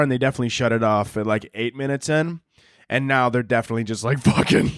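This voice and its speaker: A man's voice: medium pitch, dry recording, studio quality. A young man hosting a podcast, rambling through a comic monologue, swearing often and laughing at his own jokes. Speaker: podcast host. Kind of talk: casual comedic monologue.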